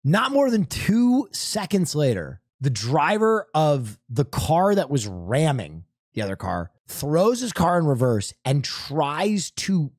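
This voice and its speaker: Animated man telling a wild story. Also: a little high, dry recording, clean studio sound. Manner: animated and profane, acts out sounds. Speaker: streamer. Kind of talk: casual storytelling.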